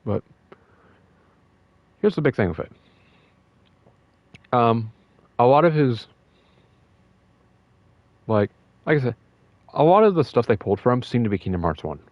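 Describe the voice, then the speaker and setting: A young man talking in a casual, rambling way about a fighting game, emotional and excited, with many fillers and restarts. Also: mid-range voice, unhurried, long pauses, dry recording, highs cut off. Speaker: gaming video host.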